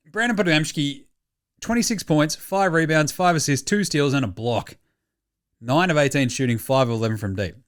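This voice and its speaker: A man with an Australian accent hosting a sports podcast, joking and swearing in casual chat. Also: medium pitch. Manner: profane, animated and joking. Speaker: podcast host.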